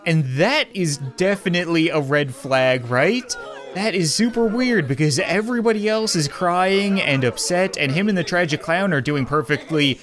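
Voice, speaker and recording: High-voiced young guy laughing through his game commentary, gets loud and squeaky when surprised. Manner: excitable, laughing, bursts of high exclamations. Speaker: gaming YouTuber. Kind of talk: comedic gameplay commentary.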